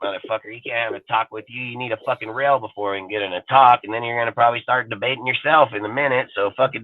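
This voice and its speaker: A man's voice: mid-range voice, no room sound. Crude, swearing man on a tinny line. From Northern California. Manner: loud, crude, constant swearing. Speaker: podcast co-host. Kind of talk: profane casual storytelling.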